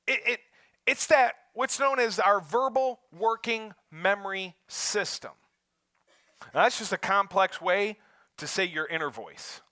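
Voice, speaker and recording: A male pastor preaching a sermon to his congregation in a humorous, animated way, talking straight to the people in front of him. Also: high voice, dry recording, studio quality. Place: church service held in a school.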